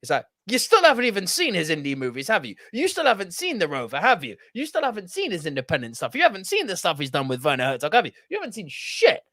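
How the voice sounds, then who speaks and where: Animated, sweary man, lively pitch. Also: quick pace, hardly any pauses, no room sound, clean studio sound. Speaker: podcast co-host. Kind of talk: casual podcast chat.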